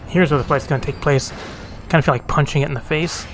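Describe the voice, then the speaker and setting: A man's voice: fairly high pitch, fairly even intonation, fast talker, faint music behind. A man giving casual, wry gameplay commentary as a let's play host, with casual swearing.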